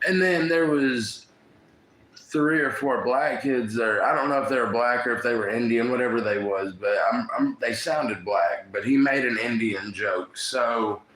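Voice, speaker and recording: A man's voice: mid-range voice, unhurried, a bit bright. Profane slangy man in an echoey room. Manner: profane, slangy, calls listeners bro. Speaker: livestream host. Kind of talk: casual livestream chat.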